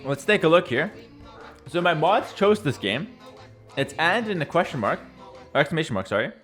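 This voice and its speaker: Lively chatty young man casting games. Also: a little high, normal speed, faint music behind. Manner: chatty, joking, thinks aloud with fillers. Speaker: streamer casting a strategy game. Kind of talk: casual live-stream commentary.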